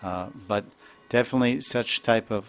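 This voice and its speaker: Low-voiced man giving a devotional lecture. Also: normal speed. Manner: animated, playful, mimics sounds and voices, chuckles often; chants Sanskrit verses. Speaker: spiritual teacher.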